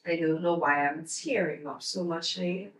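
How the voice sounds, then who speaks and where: A beauty vlogger walks viewers slowly through a makeup tutorial, step by step. Her voice sits on the low side and is a bit bright. The recording is roomy, with the mic at a distance.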